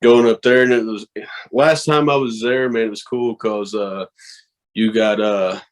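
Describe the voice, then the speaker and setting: A man from the American South telling stories in a casual podcast chat, animated and profane, laughing and acting out the voices of people he met. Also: lowish voice, unhurried. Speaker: guest, horror host and wrestling promoter.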